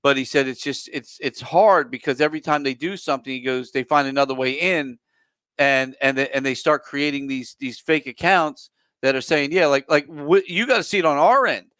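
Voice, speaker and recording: A man hosting a casual podcast chat for his theater, telling stories in a profane, animated rant. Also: medium pitch, normal speed, smooth, no echo. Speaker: theater venue host.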